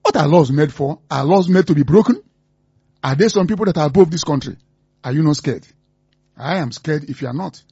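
A man's voice: fairly high pitch, expressive, brisk, mellow, slightly rough, no echo, dull audio. A man with a Nigerian accent hosting a radio show, delivering impassioned commentary full of repeated rhetorical questions. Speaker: radio host.

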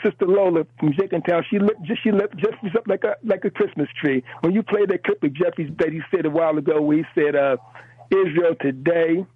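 Fervent high-voiced caller. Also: male voice, fast talker, hardly any pauses, slightly rough. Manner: fervent, repetitive, stammers and restarts, tags "man" and "you know". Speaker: radio call-in caller. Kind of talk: impassioned call-in commentary. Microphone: telephone. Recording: phone line into a radio show.

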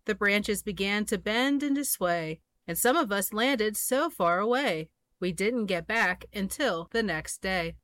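A woman's voice: mid-range voice, expressive, measured pace, hardly any pauses, a bit bright, dry recording. A woman voicing a group of worried monkeys in a storybook, pleading in sing-song rhyme. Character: chattering troop of fretful monkeys.

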